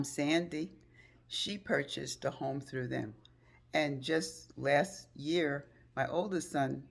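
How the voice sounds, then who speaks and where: Low-voiced older woman telling a personal story. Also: vocal fry. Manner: emotional retelling, acts out phone calls in a high excited voice. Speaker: vlogger.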